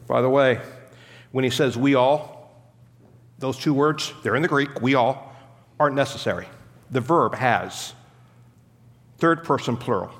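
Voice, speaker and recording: A man preaching from the pulpit, explaining the Greek text verse by verse. His voice sits at a middle pitch and comes back with a long reverb from a large sanctuary. He pushes hard on key words. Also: unhurried, pauses often, fairly bright tone. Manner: teaching, emphatic, stops to explain Greek grammar. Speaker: pastor. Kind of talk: expository sermon.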